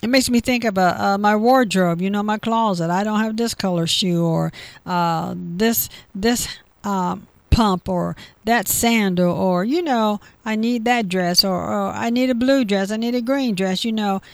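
A woman's voice: medium pitch, a little slow. A woman leads a devotional, reading scripture and then unpacking it in her own words. She circles back and repeats key phrases for emphasis, in a medium voice. The sound is dry and close, with no room echo. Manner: reads verses aloud then explains with repetition. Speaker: Bible teacher. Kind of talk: devotional Bible reading and commentary.

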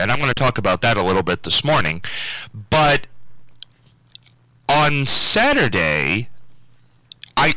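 A man's voice: medium pitch, bright, forceful tone, no room sound, low-quality recording. A middle-aged man hosting a local call-in radio talk show, rambling casually with many fillers and restarts.

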